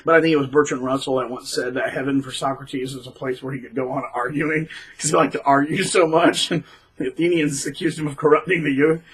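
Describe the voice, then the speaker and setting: A man talking casually to camera in a rambling, animated way, with frequent restarts. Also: medium pitch, quick pace, breathy edge, rough recording. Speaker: middle school teacher, vlogger.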